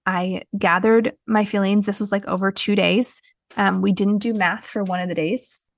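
A woman's voice: mid-range voice, fairly even intonation, moderate pace, no echo. Candid chatty woman podcaster, dry sound. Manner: frank and chatty, many fillers. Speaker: podcast host. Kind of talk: candid personal podcast talk.

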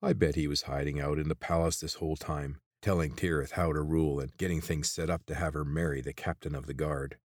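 A man's voice: rumbling low, fairly even intonation, a little fast, few pauses, dry recording, studio quality. A man voicing a scornful, growling male guard with rotten teeth in an audiobook. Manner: growling, sneering. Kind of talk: audiobook character voice.

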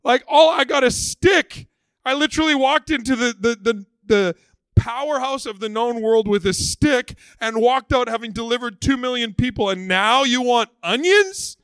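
A preacher, a man, voicing an exasperated, weary old male leader who shouts his complaints indignantly. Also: extremely high pitch, lively intonation, normal speed, clean tone, no echo, pitched above the performer's own voice.

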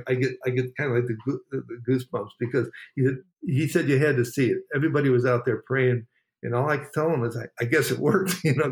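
A man, a motivational speaker, telling a personal story in an interview with an earnest, emphatic delivery that repeats phrases. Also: medium pitch.

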